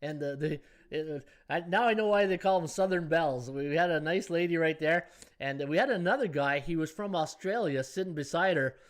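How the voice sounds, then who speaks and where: A man's voice: a little high, a little fast. A middle-aged man hosting a sports betting live stream, chatting casually and rambling through viewer comments. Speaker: sports betting podcast host.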